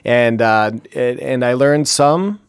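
Man, podcast co-host, from Wisconsin, deadpan jokes, halting restarts, dry close recording. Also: medium pitch, creaky, clean tone, no echo. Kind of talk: casual chat.

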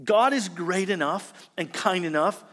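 A man preaching a sermon as pastor, earnest and expressive, reading scripture with feeling during a morning church service. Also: high voice, a little slow. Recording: long hall reverb.

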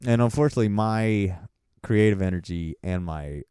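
A man's voice: lowish voice, moderate pace, warm tone, clean tone, dry recording, studio quality. A man co-hosting a podcast, rambling through casual chat and laughing often. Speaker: podcast co-host. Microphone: studio mic with headphones.

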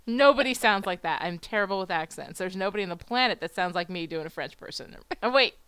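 A woman's voice: mid-range voice, animated, fast, a bit bright, clear, resonant tone, dry recording. A tired woman co-hosting a podcast, rambling and giggling in casual chat. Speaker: podcast co-host.

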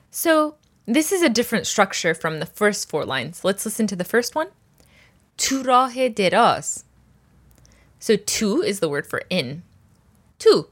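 A woman's voice: medium pitch, big pitch swings, a bit bright. Patient woman teaching word by word. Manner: patient, repeats words slowly for learners. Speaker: language teacher. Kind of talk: step-by-step language lesson.

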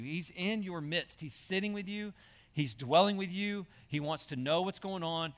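A man, a high school pastor, preaching an earnest sermon that repeats its key lines. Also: sharp tone, in a large hall. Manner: earnest, repetitive preaching, addresses listeners as y'all.

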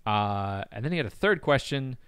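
A man's voice: medium pitch, animated, normal speed, fairly bright tone, clean tone, no room sound. A man hosting a podcast in casual chat, retelling a story with frequent laughs and fillers. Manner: chatty, laughs often, many fillers. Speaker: podcast host.

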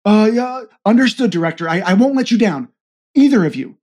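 A man's voice: high-pitched, moderate pace, a little mellow, pitched above the performer's own voice. A man voicing a nervous young male rookie spy who stammers and trips over his words. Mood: nervous eager.

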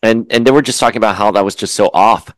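A man giving a casual, animated and opinionated spoken comic book review, with frequent asides and restarts, eating as he talks. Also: lowish voice, fast, no room sound. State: chewing food while talking.

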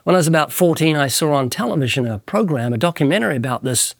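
An older man from New Zealand with a New Zealand accent, telling his personal testimony in a slow, reflective, measured way. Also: fairly high pitch, animated, vocal fry, no room sound, clean studio sound. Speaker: evangelist. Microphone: studio mic.

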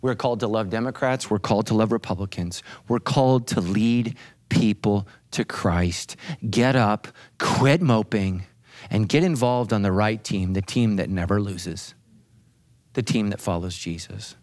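A man's voice: lowish voice, a little slow, darkish tone. A male pastor preaching a sermon with dramatic, emphatic delivery.

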